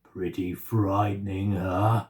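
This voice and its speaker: A deep growling monster, as a man puts him on. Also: level tone, takes it slowly, darkish tone. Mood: menacing. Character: huge hairy male monster, growling, boastful.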